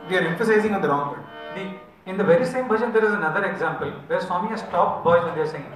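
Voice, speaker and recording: Indian English male workshop leader, light humor, high voice, distant in a reverberant hall. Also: very fast. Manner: explains with gentle humor, mixes in Hindi. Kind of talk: teaching talk with sung examples. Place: large echoey hall. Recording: echoey hall from far off, music behind.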